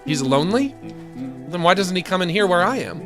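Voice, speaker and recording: Deadpan, sardonic male streamer. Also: high-pitched, fairly quick, over music. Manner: sardonic, deadpan rants with sudden exasperated outbursts. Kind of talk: casual live-stream chat while gaming.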